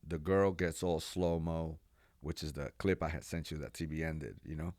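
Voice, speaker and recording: A man in his forties, a pastor from New York, telling his life story as a podcast guest in an animated, casual way with slang. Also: very deep voice, moderate pace, dry recording. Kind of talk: personal testimony in a podcast interview.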